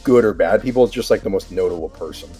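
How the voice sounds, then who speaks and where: A man's voice: low voice, mellow. A man chatting casually on a livestream, joking and teasing his friends. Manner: joking, teasing, quick to laugh. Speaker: streamer. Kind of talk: casual group chat on a livestream. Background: faint background music.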